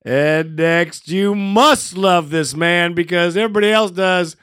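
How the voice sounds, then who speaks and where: A man hosting a sports call-in show, energetic and friendly, calling his callers brother. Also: sits high, slow pace, vocal fry, smooth. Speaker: sports talk show host. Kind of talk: podcast sports talk.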